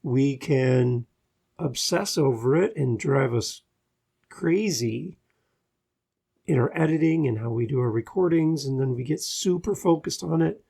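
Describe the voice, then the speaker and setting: A man's voice: medium pitch, a little slow, gravelly, mellow, slightly rough. A Canadian man hosting a podcast, giving advice in an earnest, easygoing and self-deprecating monologue. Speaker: podcast host.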